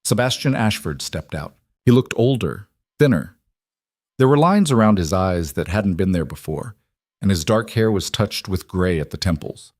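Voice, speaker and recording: Man, story narrator, steady, low voice, dry close sound. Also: moderate pace, dry recording. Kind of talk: scripted narration.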